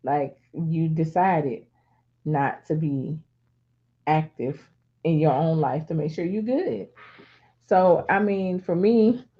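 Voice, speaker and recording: A middle-aged woman in casual chat, telling a family story with lively acted-out voices. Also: sits low, takes it slowly, long pauses. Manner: animated storyteller acting out voices. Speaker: talk show co-host. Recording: dull lo-fi sound.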